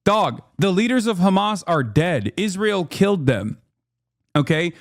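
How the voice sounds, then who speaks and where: A man's voice: high-pitched, very animated, measured pace. A man streaming live political commentary, blunt and profane, arguing in a heated way.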